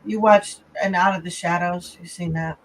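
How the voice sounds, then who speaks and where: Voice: medium pitch, steady tone, moderate pace, rough recording. Laid-back co-host chatting on a live stream, teasing, drawls words sometimes. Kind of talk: casual chat.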